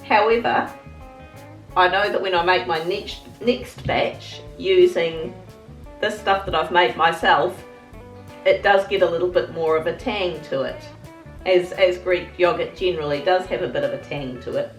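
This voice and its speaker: A woman's voice: lowish voice, moderate pace, distant mic. Chatty Englishwoman with a Kiwi tinge. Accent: English with some New Zealand influence. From England. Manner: chatty, homely, practical. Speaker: cooking channel host. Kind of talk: casual cooking tutorial. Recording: roomy, from off the mic, faint music.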